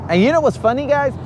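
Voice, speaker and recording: A man's voice: extremely high pitch, darkish tone, slight background noise. A man hosting a live fishing stream from a boat, chatting casually in a joking, slangy, teasing way. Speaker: fishing livestream host. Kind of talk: casual chat. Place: outdoors on a lake boat.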